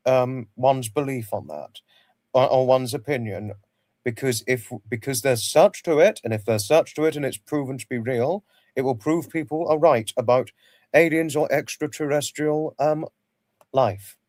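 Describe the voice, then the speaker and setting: A man chats casually as host of his livestream, wandering from thought to thought and repeating himself. His voice sits at a middle pitch and sounds close and dry, with no room echo. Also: moderate pace, darkish tone. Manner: rambling, repeats himself, greets viewers by name. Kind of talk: casual chat with viewers.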